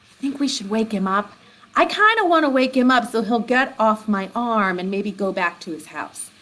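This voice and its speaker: A woman's voice: fairly high pitch, normal speed. A woman leading a children's storytime in a library, talking to young kids with big gasps, squeals and playful questions. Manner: animated, exaggerated gasps and squeals.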